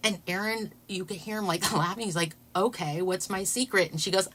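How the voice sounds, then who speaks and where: A woman's voice: medium pitch, moderate pace, pushed and bright. A woman vlogger telling a funny story to her viewers in a casual way, laughing often and tripping over her words.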